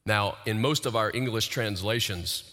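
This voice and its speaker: A man preaching a sermon, building to emphatic peaks with dramatic pauses. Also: on the low side, sharp tone, in a large hall. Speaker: pastor.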